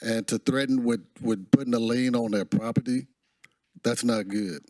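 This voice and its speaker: A man's voice: medium pitch, fairly even intonation, moderate pace, a little mellow, no echo. A man giving an earnest public comment at a city council meeting.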